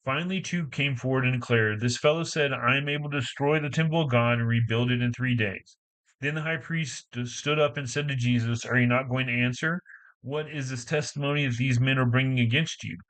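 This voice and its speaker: A man reads scripture aloud in a plain voice of middling pitch. His reading is unpolished, with small stumbles that he goes back to fix before carrying on. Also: fairly bright tone, low-quality recording. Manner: halting reading with frequent stumbles and self-corrections. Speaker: Bible reader.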